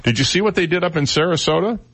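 A man's voice: fairly high pitch, quick pace, a bit bright. A man hosting a radio talk show, chatting and joking as he reads out news stories.

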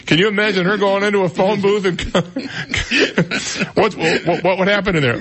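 A man's voice: high voice, unhurried, pauses often, slightly rough. A man hosting a morning talk radio show, chatting casually and joking. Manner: animated, joking, laughs often, puts on silly voices.

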